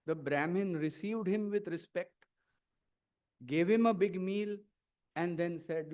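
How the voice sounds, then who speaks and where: A man's voice: high-pitched, a little mellow. A man with an Indian English accent telling a parable as a lecture speaker. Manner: measured, story-telling delivery. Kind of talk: storytelling in a lecture.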